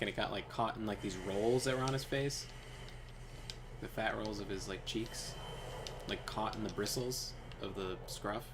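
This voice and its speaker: A man's voice: mid-range voice, a little hiss or hum. A young man streaming a game, telling a rambling story in casual chat with lots of fillers. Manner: rambling, animated, lots of fillers and quoted voices. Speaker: gaming streamer. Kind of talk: casual storytelling while playing.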